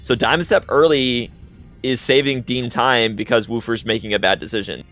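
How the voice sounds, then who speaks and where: A man's voice: mid-range voice, fairly even intonation, normal speed, fairly bright tone, soft background music. A man commentating a live speedrun race, explaining strategy at length and calling out misplays. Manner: explanatory, opinionated, frequent restarts.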